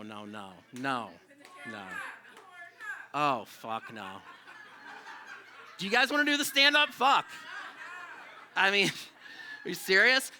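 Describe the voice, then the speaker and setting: A man's voice: on the high side, bright, forceful tone. A middle-aged man performing a live stand-up set in a comedy club, rambling and self-deprecating and swearing freely.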